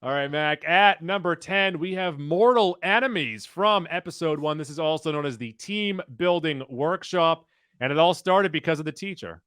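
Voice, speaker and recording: A man co-hosting a casual chat, announcing sketch rankings with quick asides. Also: on the high side, a bit bright, smooth, dry recording, clean studio sound. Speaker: podcast co-host.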